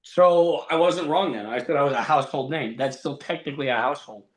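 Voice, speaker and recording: A man with a fairly high voice tells wild tall tales about himself with a straight face. He brags through live-stream banter and never cracks. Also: fairly quick. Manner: boastful, deadpan tall tales. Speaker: stream co-host.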